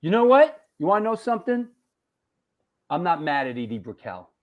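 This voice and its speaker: A man from New York hosting a live show, chatting casually, joking and giving shout-outs to viewers. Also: on the high side, very animated, normal speed. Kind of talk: casual live-stream chat reading viewer comments.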